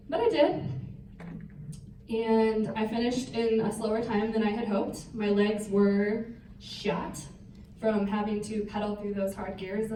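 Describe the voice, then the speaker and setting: Lively woman telling a story in a roomy hall. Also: medium pitch, slight background noise. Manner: lively, self-mocking storyteller. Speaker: retreat speaker. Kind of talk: personal story talk to an audience. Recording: roomy hall, voice picked up from a distance.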